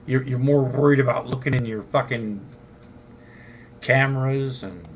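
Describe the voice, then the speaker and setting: A man's voice: mid-range voice, normal speed, a crowd in the background. An older man from Southern California hosting a late-night livestream, rambling profanely and answering his chat. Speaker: livestream host.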